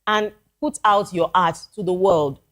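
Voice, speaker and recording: A woman's voice: fairly low pitch, measured pace, fairly bright tone. A woman with a Nigerian accent, a guest musician in a casual talk show chat, speaking earnestly and giving advice with frequent restarts.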